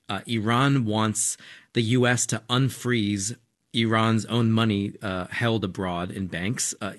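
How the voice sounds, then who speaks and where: A man working as a news correspondent, explaining events in a measured conversational debrief with frequent small fillers. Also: fairly low pitch.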